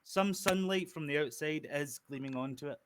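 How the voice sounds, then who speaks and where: Man as an easygoing game master, narrating with fillers and pauses. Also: fairly high pitch, a little hiss or hum. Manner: relaxed, halting narration with fillers.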